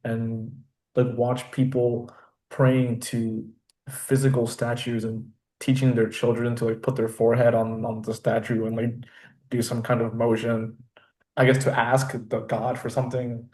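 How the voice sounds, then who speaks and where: A man hosting a podcast, talking in a relaxed, reflective way with frequent fillers. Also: medium pitch. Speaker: podcast host. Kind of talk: casual conversation.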